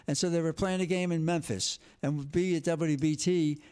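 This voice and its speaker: An older man tells stories in an interview, his voice pitched high for a man. He talks with animated energy and slips into the voices of the people he quotes. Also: normal speed, smooth. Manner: lively, animated storytelling, acts out quotes. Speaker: guest, former TV sports director. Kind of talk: storytelling interview.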